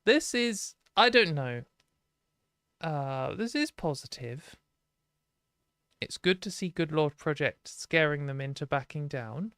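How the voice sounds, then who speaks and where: A British woman hosting a live stream, talking casually and frankly with lots of "like" and quick laughs. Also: low voice, lively intonation, fairly bright tone, clear, resonant tone, dry recording, studio quality. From Britain.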